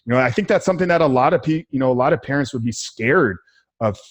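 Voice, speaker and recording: A man hosting a podcast, reflecting on a guest's story in a measured, supportive way. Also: mid-range voice, animated. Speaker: podcast host. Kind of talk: casual interview conversation.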